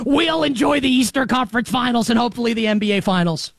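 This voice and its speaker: A male sports host with a high, bright-edged voice, talking in an animated, emphatic rush. His delivery jumps from near-shouted peaks to quiet asides. The sound is close and dry, with no room around it. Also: quick pace, creaky, hardly any pauses, no room sound. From New York. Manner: animated, emphatic, shifts between shouting highs and muttered lows. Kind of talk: excited sports commentary monologue.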